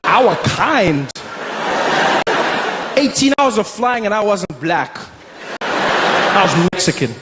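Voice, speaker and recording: A South African man telling a stand-up story in an animated way, slipping into put-on voices. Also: high-pitched, a little slow, long pauses, over a noisy crowd. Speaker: stand-up comedian. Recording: clip with loud background noise.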